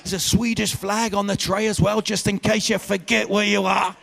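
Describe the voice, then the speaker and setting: High-pitched gravelly stand-up comedian. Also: male voice, moderate pace, slight background noise. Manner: loud, animated storytelling with shouted bits.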